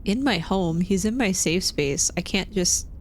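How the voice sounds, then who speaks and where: A woman from Texas, a streamer telling a story in casual chat while gaming, animated and self-deprecating with nervous laughs. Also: fairly low pitch, measured pace, a little hiss or hum.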